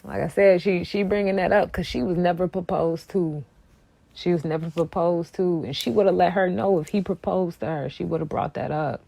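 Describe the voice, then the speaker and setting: A woman with a fairly low voice talks casually about a song, sassy and emphatic. She repeats her points for weight. Her voice is recorded close and dry. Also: steady tone, normal speed, gravelly, dark tone, dry recording. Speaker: music commentary vlogger. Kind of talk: casual reaction commentary.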